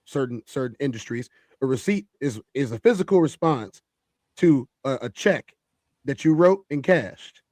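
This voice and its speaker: A man's voice: mid-range voice, expressive, normal speed, darkish tone, dry recording, clean studio sound. A man hosting a heated panel discussion, emphatic and repeating phrases for stress.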